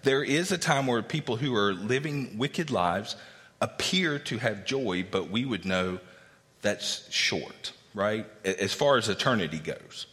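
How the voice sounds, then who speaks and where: A low-voiced man preaches in a large church hall, the long reverb trailing after his words. He teaches casually, sprinkling in fillers and tag questions, and lifts his voice to play the people he quotes. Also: a little slow. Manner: animated, acts out quoted speakers with raised pitch. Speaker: pastor. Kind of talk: sermon with Bible teaching.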